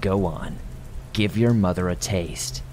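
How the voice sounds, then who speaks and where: A man's voice: deep voice, slow, mellow, a little hiss or hum. Man voicing a sinister sing-song toy rabbit. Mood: sing-song menace. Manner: wheezing sing-song menace. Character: sinister male stuffed toy rabbit, falsely sweet. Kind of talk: horror story narration.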